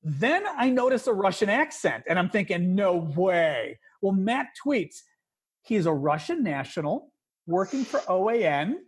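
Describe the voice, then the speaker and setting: A man's voice: normal speed, husky. A man hosting a podcast, chatting casually about politics and getting worked up when indignant. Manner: animated, rising pitch when indignant. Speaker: podcast host.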